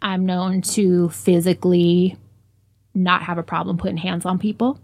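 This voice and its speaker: A woman telling a personal story in casual conversation, blunt and profane, growing animated as she relives it. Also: on the low side, measured pace, dry recording, clean studio sound.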